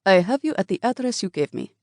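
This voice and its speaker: A woman's voice: medium pitch, sing-song, quick pace, darkish tone, no room sound, clean studio sound, pitched above the performer's own voice. A woman voicing a concerned male taxi driver with a heavy foreign accent, urging a passenger to go to the hospital. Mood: insistent. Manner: concerned, urging, stuttering at first.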